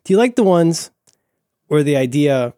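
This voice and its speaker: A man's voice: a little high, very animated, moderate pace, mellow, dry recording, clean studio sound. A man chatting casually on a remote podcast call, rambling and restarting, with playful bursts of silly voices. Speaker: podcast guest. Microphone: remote call mic.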